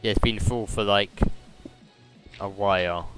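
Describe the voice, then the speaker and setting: A man's voice: lowish voice, steady tone, a little slow, over music. A young British man streaming a game, chatting in a rambling, jokey way full of fillers. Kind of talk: casual gaming stream chat.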